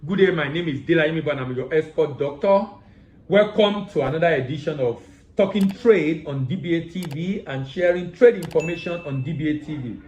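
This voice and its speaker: A man with a fairly high, darkish voice hosts a business lesson on exporting, speaking quickly and straight to camera as he works through a numbered checklist. He repeats his key phrases for emphasis. The audio is dull and the room echoes.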